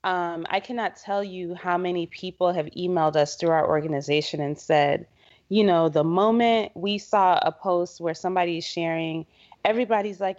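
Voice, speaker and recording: Earnest low-voiced woman, podcast guest. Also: normal speed, a little mellow. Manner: earnest, conversational, acts out quotes. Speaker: guest, head of a women's health organization. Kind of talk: casual podcast conversation. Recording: slightly dull, muffled podcast audio.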